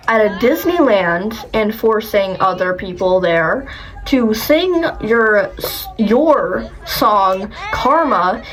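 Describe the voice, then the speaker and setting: A woman's voice: fairly high pitch, a bit bright, poor audio. A woman hosting a casual reaction video, talking into a phone in a rambling, self-deprecating, sarcastic way. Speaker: host.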